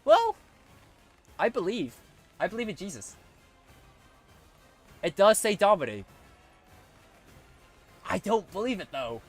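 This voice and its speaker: A young man live-streaming a game, swearing often and swinging between squealing pleas and low muttering. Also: very animated, a little slow, pauses often, husky, faint music behind. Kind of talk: live gameplay commentary.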